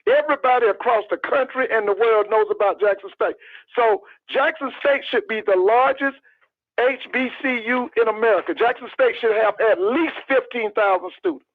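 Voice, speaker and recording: A man's voice: very high voice, normal speed, no echo. A male caller giving emphatic, repetitive commentary over the phone. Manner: emphatic, repeats points insistently. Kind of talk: call-in radio commentary. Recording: tinny phone line.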